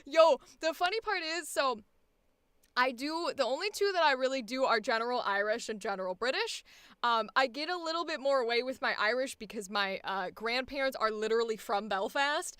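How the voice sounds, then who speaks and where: A woman's voice: sits high, expressive, a little fast, a bit bright, clean tone, no room sound. A woman in a casual video chat, talking animatedly, laughing often and swearing freely. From United States. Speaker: voice acting student.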